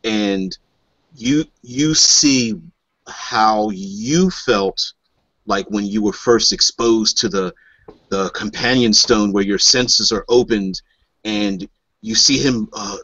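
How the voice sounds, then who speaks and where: A man narrating a tabletop game as game master, describing scenes in a halting way, heard on a dull lo-fi recording. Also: on the low side, sharp tone, slightly rough, dry recording.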